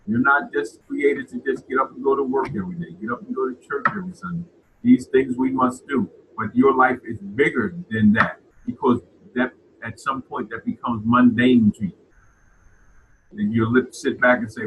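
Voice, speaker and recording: A man preaches to a congregation, circling back over words as he builds each point. His voice sits in a middle pitch, and faint hiss runs underneath. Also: fairly even intonation, moderate pace. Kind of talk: sermon.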